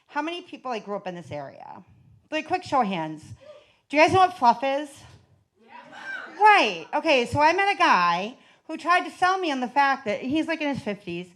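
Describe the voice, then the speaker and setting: A woman's voice: high voice, a bit bright. A woman doing a stand-up comedy set on a club stage into a handheld mic. She is brash and profane, and she laughs through her lines. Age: 40s.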